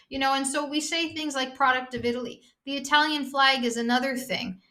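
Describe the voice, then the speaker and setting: A woman's voice: sits high, steady tone, normal speed, pushed and bright. A woman guest, a private chef, talking in a blunt, passionate way and swearing freely in a casual interview chat. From Canada.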